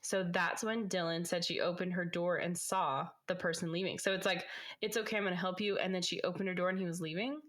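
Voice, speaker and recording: Lower-voiced woman podcast co-host. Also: fairly even intonation, a little fast, a bit bright. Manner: musing, questioning, trails off. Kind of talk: casual true-crime chat.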